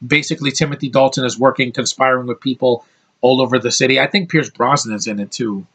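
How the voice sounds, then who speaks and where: A U.S. movie reviewer talks fast at a medium pitch, his intonation fairly even and his tone fairly bright. His casual take on the film rambles, with blunt opinions, free swearing and many restarted sentences.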